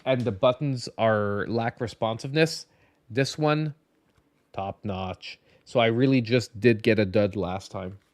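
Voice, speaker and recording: A tired man hosts a casual late-night gaming podcast, rambling with many restarts and a slight lisp. His voice is on the low side and measured, with no echo.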